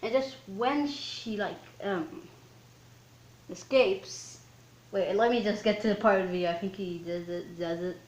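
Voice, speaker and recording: An excitable woman talks through a film's plot in a loose, rambling recap, filling every gap with "like" and "um". Her voice sits at an ordinary middle pitch. The room around her adds a noticeable echo. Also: measured pace. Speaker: film reviewer. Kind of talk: casual film recap. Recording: roomy echo.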